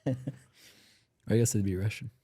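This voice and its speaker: A man's voice: on the low side, moderate pace, dark tone, no room sound, studio quality. A young man co-hosting a podcast, asking curious questions and laughing often. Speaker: podcast co-host. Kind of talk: casual chat.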